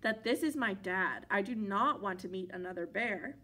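A woman reading aloud and voicing a sensible young girl in a bright, chirpy, polite way. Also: mid-range voice, lively intonation, normal speed, voice pushed down.

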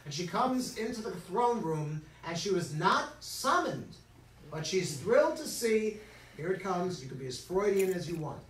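A man's voice: sits high, sing-song, normal speed. A man telling a story at a Shabbat service in a humorous sermon, full of playful asides to the congregation. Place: synagogue sanctuary. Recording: echoey hall, voice from far off, faint noise.

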